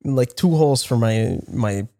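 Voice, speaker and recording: A man playing a tabletop game, excitable, swearing and stumbling over his words. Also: medium pitch, a little slow. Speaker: player. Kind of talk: casual game chat.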